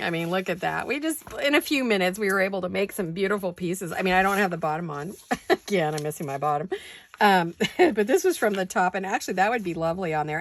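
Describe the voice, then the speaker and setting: A middle-aged woman talks through a paper craft in loose, rambling chat, drifting off topic and giggling now and then. Her voice has a gravelly, fry-tinged edge at an ordinary pitch. A faint hiss sits under the recording. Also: fairly bright tone. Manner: chatty and rambling, breaks into fits of giggles. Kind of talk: casual craft-along chat.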